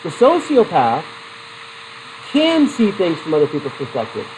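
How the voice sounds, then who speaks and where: A middle-aged man teaches a psychology class, keeping it lively by putting questions to his students and sharing personal anecdotes. His voice is fairly high and moves at a normal speed. The recording is rough, with a little hiss or hum.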